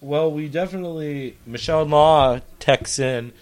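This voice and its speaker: A man's voice: fairly high pitch, unhurried. A man co-hosting a sports podcast, running the segments, reading listener tweets and teasing his friends in casual chat. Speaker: podcast co-host. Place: studio room shared with co-hosts.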